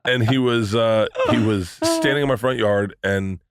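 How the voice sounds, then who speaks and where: A man's voice: fairly low pitch, a little slow, no room sound. Middle-aged man, podcast guest, rambling story, acts out quoted voices, swears, dry close studio sound. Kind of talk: casual storytelling chat.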